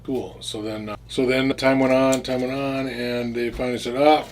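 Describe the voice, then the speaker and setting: A man's voice: medium pitch, flat delivery, normal speed. A man casually telling a story from his own past, rambling with restarts and frequent swearing. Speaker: storyteller recounting his past as a drug dealer.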